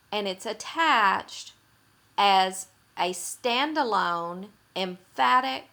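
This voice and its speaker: A woman's voice: medium pitch, pushed and bright. A woman teaching writing rules, explaining grammar patiently and repeating her points for emphasis.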